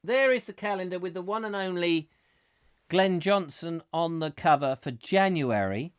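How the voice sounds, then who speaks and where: A man's voice: sits high, expressive, normal speed, clean tone, no room sound, studio quality. A man hosting a live comic chat show, rambling and joking at his own expense. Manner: jokey, rambling, self-mocking. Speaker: host.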